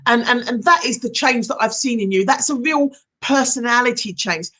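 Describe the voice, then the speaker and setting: A middle-aged woman, a hypnotherapist hosting a live-streamed chat, speaking in an encouraging, animated way. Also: fairly high pitch, normal speed. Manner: encouraging, animated, reads viewer comments aloud.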